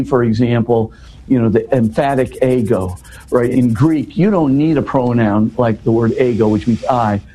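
Mellow-voiced man explaining scripture. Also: medium pitch, slight background noise, poor audio. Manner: animated teacherly explaining, checking in with "right?". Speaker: interview guest explaining scripture. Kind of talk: explanatory interview talk.

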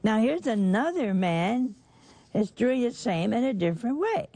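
A woman's voice: on the high side, big pitch swings, unhurried, mellow, dry recording. A woman preaching a folksy sermon, teasing her listeners and acting out the people in a parable.

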